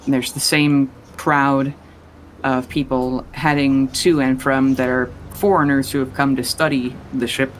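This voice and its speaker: Man, game master, casual rambling narration, mid pitch, faint background hiss. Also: little pitch movement, a little slow, low-quality recording. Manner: rambling, casual, many fillers.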